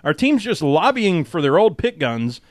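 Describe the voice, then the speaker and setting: A man's voice: a little high, big pitch swings, moderate pace, no room sound. A man hosting a casual podcast, talking in loose, rambling stretches with frequent restarts. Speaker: podcast host.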